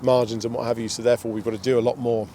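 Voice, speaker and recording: A man, a podcast host, conducts an interview outdoors beside a towpath with passing traffic, posing long, musing questions peppered with chatty asides. His mid-range voice is mellow and flat, delivered rapid-fire, and faint street noise sits in the recording.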